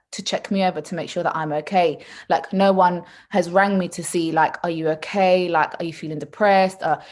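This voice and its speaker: A young woman chatting casually on a podcast, telling stories animatedly and acting out what others said. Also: medium pitch. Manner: animated storytelling, laughs often, acts out quotes. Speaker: podcast co-host. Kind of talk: casual chat.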